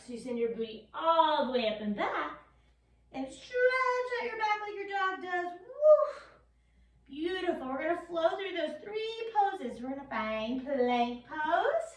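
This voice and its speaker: Leading kids through yoga in a studio, this New York-accented instructor keeps her cues upbeat and playful in a high, bright voice. The mic catches her from a little way off, with the room's echo carrying her words.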